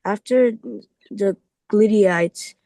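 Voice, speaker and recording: A man's voice: high voice, takes it slowly, dark tone, no room sound, low-quality recording. A man reading aloud in a Bible class, stumbling over words and restarting often.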